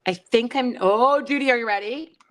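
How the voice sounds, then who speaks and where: A woman's voice: a little high, normal speed, poor audio. A middle-aged woman hosting a casual crafting livestream, chatting and teasing herself while answering viewer comments.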